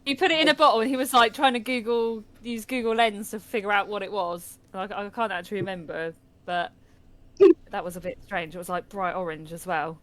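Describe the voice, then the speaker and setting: A woman's voice: mid-range voice, steady tone, a little fast, a bit bright, no echo. Chatty British woman telling stories. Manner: chatty storyteller, laughs a lot. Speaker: podcast co-host. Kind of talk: casual chat.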